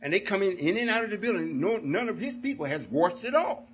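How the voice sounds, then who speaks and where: A man's voice: high-pitched, expressive, fast talker, muffled recording, slight background noise. A man giving an emphatic sermon-style talk to his followers, often checking that they understand. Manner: emphatic, keeps asking "you see?". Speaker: religious speaker.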